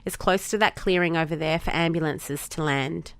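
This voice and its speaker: A woman voicing a brisk, determined female Starfleet doctor who talks firmly and insistently in a fan audio drama. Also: sits low, dry recording. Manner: firm, insistent.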